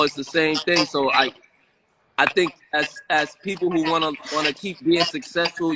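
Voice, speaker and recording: A man speaks from his home office as a guest on a live stream, relaxed and rambling, often checking in with "you know what I'm saying". His voice sits a bit high, and a clear hiss of noise runs under the stream audio. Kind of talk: casual live-stream chat.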